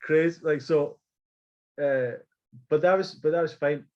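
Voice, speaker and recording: A man's voice: a little high, measured pace, lo-fi sound, a little hiss or hum. A man telling a story in casual chat, acting out quotes and swearing freely. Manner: animated, swearing, acts out quotes. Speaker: podcast guest.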